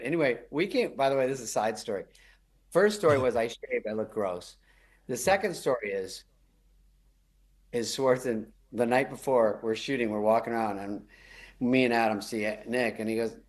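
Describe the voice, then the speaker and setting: Comic guest, middle-aged man, dry wry delivery with lively swings in pitch. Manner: wry, deadpan, quick jokes with mocking quoted voices. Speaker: comedian guest. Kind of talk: storytelling chat.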